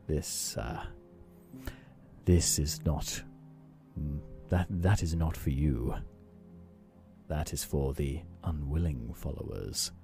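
A man voicing a sinister bargaining entity, deep and slow. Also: gravelly, dark tone, soft background music, heavily acted. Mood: menacing, persuasive. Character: sinister male patron entity offering dark bargains.

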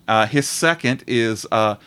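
A man hosts a relaxed movie podcast, rambling through his points with restarts and frequent laughs. His voice sits at a middle pitch. The sound is dry and close. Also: measured pace, clear, resonant tone, no echo. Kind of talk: casual chat about movies.

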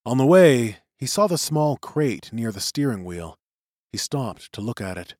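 Expressive male audiobook narrator. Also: mid-range voice, a little slow, no echo, clean studio sound. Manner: expressive storytelling.

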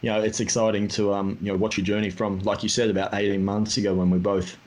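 A man's voice: lowish voice, level tone, fast talker, darkish tone. A man hosting a casual podcast interview, chatty and rambling with plenty of fillers. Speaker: podcast host.

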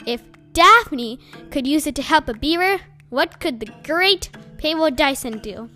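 Furious accusing teen boy, read by a woman, high bright and sputtering. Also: lively intonation, unhurried, faint music behind, heavily acted. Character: angry accusing teenage boy, the narrator's friend.

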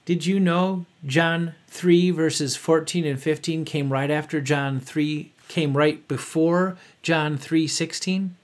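A man preaches an earnest sermon in a fairly high voice. He reads from his notes and drops in the odd offhand aside. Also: steady tone, takes it slowly, hardly any pauses. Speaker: pastor.

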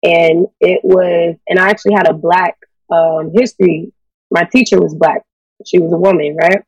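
A woman co-hosting a casual chat show, giving her opinions in a relaxed, conversational way. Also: fairly low pitch, moderate pace, no echo, distant mic, muffled recording. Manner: relaxed, opinionated, says "you know" often. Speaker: podcast co-host.

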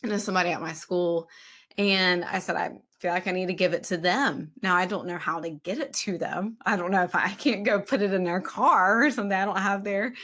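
Female podcast host, lowish voice, soft and reflective, casual faith chat. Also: fairly quick. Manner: reflective, soft, searching for words.

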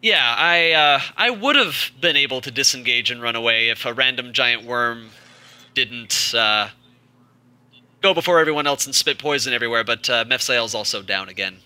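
A man's voice: mid-range voice, moderate pace, bright, forceful tone, clear, resonant tone. A man playing a tabletop game, talking with wry exasperation about his turn. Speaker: player.

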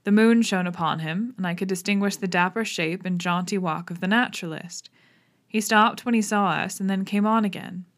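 A woman narrating an audiobook in a measured, even reading voice. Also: mid-range voice. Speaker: audiobook reader. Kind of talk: scripted narration of a classic detective novel.

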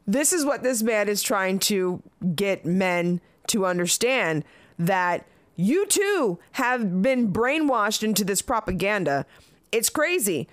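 A woman's voice: fairly high pitch, a bit bright. A woman in her late thirties giving casual commentary as a vlogger, blunt and profane, often breaking into laughter between remarks. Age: late 30s.

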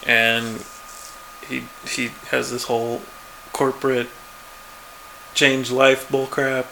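A man's voice: mid-range voice, level tone, slow pace, creaky, bright, forceful tone, a little hiss or hum. A man chatting casually as a podcast co-host, laid-back and chuckling, acting out quoted lines. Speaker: podcast co-host recapping a TV episode. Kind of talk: casual chat.

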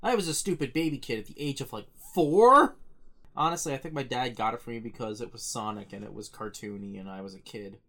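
A man's voice: medium pitch, fast, few pauses, fairly bright tone. A young man co-hosting a podcast, chatting casually and opinionated, swearing freely. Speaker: podcast co-host. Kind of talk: casual chat.

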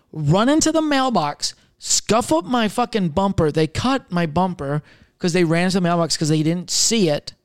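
A young man with a voice that sits high rambles through personal anecdotes on a casual podcast, cursing often and using plenty of fillers. The recording is studio quality with no room sound.

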